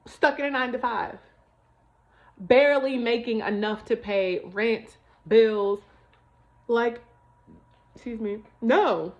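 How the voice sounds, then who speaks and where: A woman's voice: a little high, slow pace, pauses often. Chatty woman talking faith, lo-fi. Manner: chatty, emphatic, keeps calling viewers y'all. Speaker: vlogger. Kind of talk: casual faith testimony to viewers. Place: at home with her baby.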